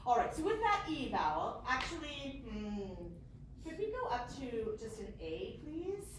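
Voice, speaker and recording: A woman's voice: a little high, sing-song, measured pace, background noise. A woman leading a choir workshop, encouraging the singers and demonstrating vowels by singing them. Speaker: choir clinician. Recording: echoey hall from far off.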